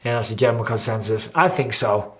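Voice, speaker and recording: A man's voice: fairly low pitch, quick pace. A man, hosting a casual chat and acting out what people said, with swearing. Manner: animated, swearing, acts out quotes. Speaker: host.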